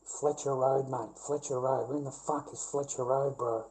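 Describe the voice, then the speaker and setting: A man's voice: medium pitch, steady tone, normal speed, darkish tone, rough recording. An Australian man rambling through a livestream monologue, swearing constantly, repeating himself and calling listeners mate and bro.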